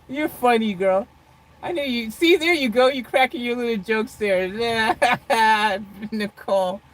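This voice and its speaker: In this casual live-stream from a parked car, a vlogger reads live chat and talks loosely with viewers by name, laughing often, rambling, and repeating "freaking." She speaks slowly in a fairly high voice, and the audio quality is poor.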